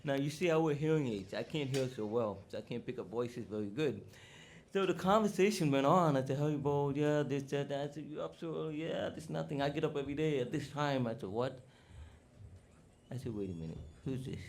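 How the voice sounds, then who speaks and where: A man's voice: on the high side, lively intonation, moderate pace, slight background noise. A man casually telling personal stories as a disciple at a memorial gathering, chatty with many fillers. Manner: chatty, many fillers, acts out quoted dialogue. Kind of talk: casual storytelling talk. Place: cow sanctuary gathering in Florida.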